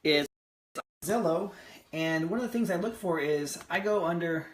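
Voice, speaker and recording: A man's voice: on the high side, normal speed. A young man chatting casually in a vlog about his real estate investing, rambling with lots of fillers and restarts. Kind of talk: casual screen-recorded vlog.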